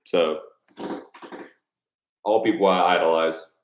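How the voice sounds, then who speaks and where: A man with a lowish voice chats casually with his supporters. He rambles, swears freely and laughs a lot. The room around him rings with a noticeable echo. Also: measured pace, long pauses. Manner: loose, profane and rambling, laughing often. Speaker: YouTube creator thanking patrons. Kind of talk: casual live chat with supporters.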